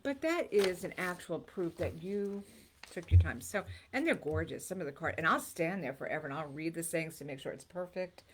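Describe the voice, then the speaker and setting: A woman's voice: on the low side, animated, moderate pace, slight background noise. A woman co-hosting a casual talk show, chatty and sentimental. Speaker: co-host.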